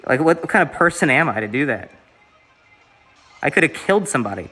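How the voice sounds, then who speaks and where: A man's voice: on the high side, big pitch swings, brisk, pushed and bright, husky, faint music behind. A young man from the Southeast US, streaming and chatting casually in a rambling way, with lots of fillers and swearing.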